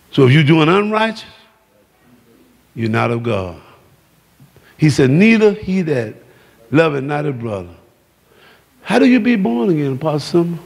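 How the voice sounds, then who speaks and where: A man preaching a sermon, shouting and calling out to the congregation in a church. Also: on the high side, gravelly. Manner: shouting, exuberant preaching with call-outs to the congregation. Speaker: pastor. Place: church sanctuary. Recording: long hall reverb.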